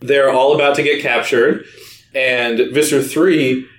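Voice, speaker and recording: A man's voice: mid-range voice, steady tone, unhurried, echoey room, slight background noise. A man co-hosting a podcast, giving a chatty, sarcastic recap of a book's plot and laughing as he goes. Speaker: podcast co-host.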